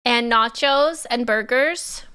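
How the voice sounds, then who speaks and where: A woman's voice: on the high side, takes it slowly, sharp tone, clear, resonant tone. A woman streamer with a Canadian accent, chatting playfully with her viewers and laughing often. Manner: playful, giggly, talks back to chat. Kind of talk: casual live-stream chat with viewers.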